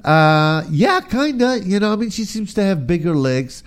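A man's voice: high voice, normal speed, smooth. A man with a chesty cough, chatting casually as a co-host, telling stories with lots of "you know"s. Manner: chatty, animated storytelling with many "you know"s. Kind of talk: casual chat.

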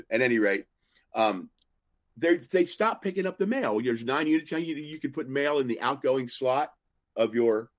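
A man's voice: medium pitch, dry recording. A man hosting a live podcast and telling rambling stories, acting out the other people's lines as he goes. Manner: rambling anecdotes with acted-out quotes and asides. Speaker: podcast host. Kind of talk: casual storytelling on a live podcast.

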